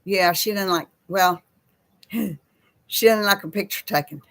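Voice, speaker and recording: An older woman chatting casually with live viewers in a slow, folksy way. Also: mid-range voice. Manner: slow folksy talk, baby voice to her pets. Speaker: host of a live chat with viewers. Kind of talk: casual live-stream chat reading viewer comments.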